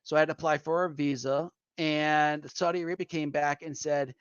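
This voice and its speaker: A man co-hosting a casual chat, telling animated anecdotes and laughing mid-story. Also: a little high, normal speed, hardly any pauses, clear, resonant tone, no echo, highs cut off. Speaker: podcast co-host.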